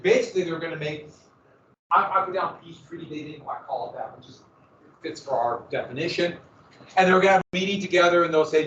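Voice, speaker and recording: A man's voice: on the high side, fairly bright tone, far from the mic, slight background noise. A man teaching a history class in a casual lecture, with joking asides and dramatic emphasis. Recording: echoey, muffled classroom recording from afar.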